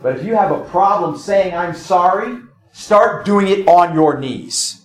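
A man preaching a sermon as pastor, earnest, moving from hushed low passages to insistent urging. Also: lively intonation, a little slow, reverberant.

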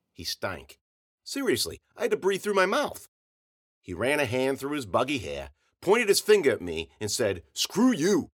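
A man narrating a first-person story in a wry, hard-boiled deadpan. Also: mid-range voice, husky.

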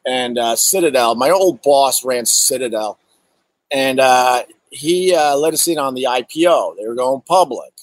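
Animated, profane man telling stories. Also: on the high side, no room sound, low-quality recording. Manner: animated, profane, acts out exaggerated quotes; reads and answers viewer chat. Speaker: comedian host. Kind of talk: casual storytelling monologue. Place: outdoors in bright sun.

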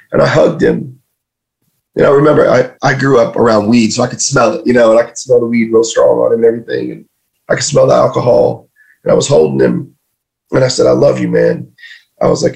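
A man with a gravelly edge and a voice worn from recent illness. He tells his story earnestly and emotionally, often stopping to restart his sentences. His pitch sits in the ordinary middle range for a man. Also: animated, fairly quick, a little mellow, poor audio. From North Carolina, USA. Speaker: guest sharing a testimony. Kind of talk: casual spoken storytelling.

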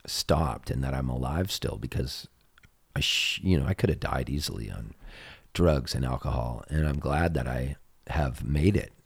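A male singer-songwriter in casual conversation, telling stories, acting out other people's lines in a raised voice and dropping low and quiet on serious moments. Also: moderate pace, gravelly, breathy edge.

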